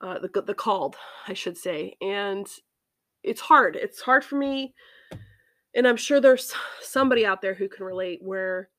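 A woman hosting a faith podcast, talking earnestly and haltingly with many ums and restarts, emotional and near tears. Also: medium pitch, a bit bright, no room sound, studio quality. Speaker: podcast host. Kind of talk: personal faith reflection.

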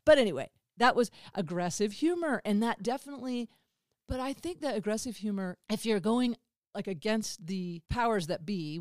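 Podcast host, woman in her fifties, animated storyteller, clear tone, dry recording. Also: medium pitch, no room sound. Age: 50s. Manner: animated, swears freely, acts out dialogue. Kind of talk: candid conversational storytelling.

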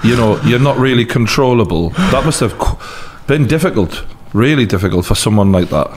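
A man's voice: mid-range voice, expressive, brisk, noisy background. A man with a Geordie accent hosting a podcast in a jokey, chatty way. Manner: jokey, chatty, laughs easily. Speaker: podcast host. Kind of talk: casual chat.

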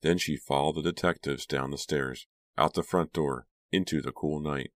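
Audiobook narrator: deep-voiced man, steady and measured, dry booth sound. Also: dry recording. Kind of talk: scripted narration.

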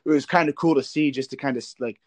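A Midwestern podcast host poses long, casual interview questions, repeating and restarting himself often. His pitch is medium, his pace is fast, and the recording is dry.

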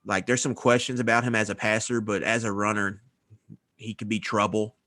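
A man's voice: on the low side, flat delivery, moderate pace, pushed and bright, dry recording. Man, matter-of-fact sports talk, dry close sound, casual podcast. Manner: matter-of-fact, rattles off notes. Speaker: podcast co-host.

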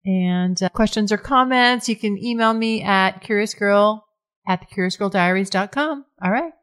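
A woman hosts her own podcast solo, speaking frankly and casually, swearing freely and often restarting her sentences. Her medium-pitched voice is smooth and a bit bright, at a normal speed.

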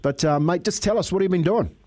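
A man's voice: high voice, fast, a little mellow. A man in his fifties hosting a sports radio show, bantering in a jokey, matey way. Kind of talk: casual radio chat.

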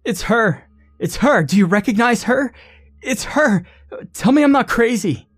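A man voicing a terrified young woman in a horror story, his voice pushed far higher than his own. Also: expressive, a little slow, husky, dry recording, clean studio sound, exaggerated voice. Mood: panicked.

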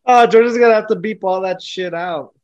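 A woman's voice: mid-range voice, brisk, darkish tone, no echo, highs cut off. A woman co-hosting a podcast in casual chat, blunt and swearing, laughing along with the guest. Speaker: podcast co-host.

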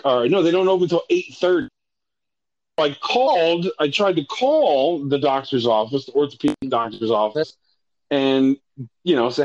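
In a lo-fi recording, a man with a fairly high pitch speaks at a moderate pace, telling the story of a personal ordeal. He's casual and swears a lot, keeps correcting himself, and becomes animated as he relays dialogue.

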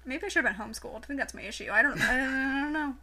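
A woman's voice: high-pitched, racing, sharp tone. A young woman co-hosting a podcast, chatting casually with playful banter and frequent laughter. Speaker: podcast co-host. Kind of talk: casual chat.

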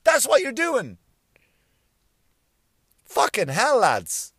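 A man doing a profane comic rant, swearing constantly and mimicking people in quick bits. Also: fairly high pitch, animated, fairly bright tone, no echo, clean studio sound. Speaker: comedian.

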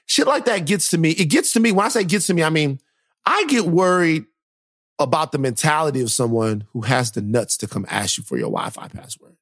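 A man chatting on a podcast, telling a story with lots of feeling and pitching his voice way up when he is exasperated. His voice sounds close and dry, with no room around it. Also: brisk, no echo. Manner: animated storyteller, rises high when exasperated. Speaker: podcast co-host. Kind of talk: casual chat, storytelling.

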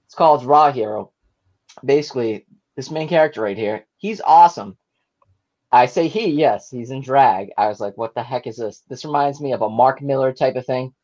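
A man's voice: mid-range voice, moderate pace, a little mellow, muffled recording. Tipsy man rambling through plot summaries. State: a little tipsy. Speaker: podcast co-host. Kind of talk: casual podcast chat.

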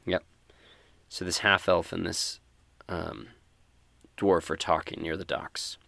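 A man narrating a tabletop role-playing game as game master, relaxed with many fillers. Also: sits low, takes it slowly, vocal fry, dry recording.

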